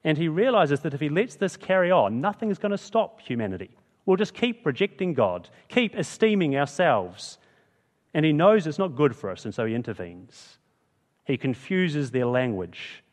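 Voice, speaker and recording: A man's voice: fairly high pitch, very animated, moderate pace. Guy preaching a sermon, chatty, keeps asking questions, echoey hall. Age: adult with school-age kids. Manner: conversational, asks rhetorical questions.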